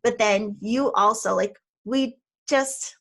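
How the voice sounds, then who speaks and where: A woman in her thirties hosting a podcast, chatting warmly with a close friend and laughing easily. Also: on the high side, creaky. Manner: affectionate, chatty, quick to laugh. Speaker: podcast host. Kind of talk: casual chat.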